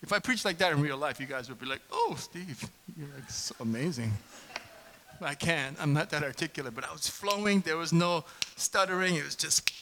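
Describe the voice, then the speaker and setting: A middle-aged man preaching a casual sermon in a church, chatty and self-deprecating, bursting into loud impassioned preaching when he gets going. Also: a little high, fast talker, hardly any pauses, a little hiss or hum, low-quality recording. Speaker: pastor. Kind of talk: conversational sermon.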